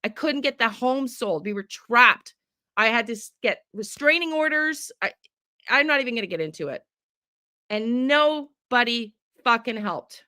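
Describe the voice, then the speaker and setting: Ranting profane woman, bright voice. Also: fairly high pitch, expressive, a little slow, no room sound, clean studio sound. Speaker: true crime tarot livestreamer. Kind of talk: casual livestream talk with chat.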